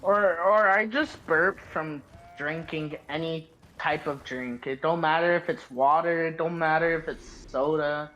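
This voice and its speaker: A man chatting casually on a stream, telling stories slowly and without hurry. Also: a little high, sharp tone, highs cut off. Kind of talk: casual chat.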